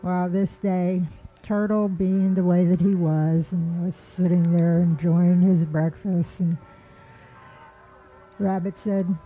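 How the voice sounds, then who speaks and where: A woman telling an animal folk tale in a relaxed, rambling storytelling manner. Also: lowish voice, slow pace, slightly rough. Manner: relaxed, with frequent fillers and restarts. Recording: tinny phone-like line with faint music.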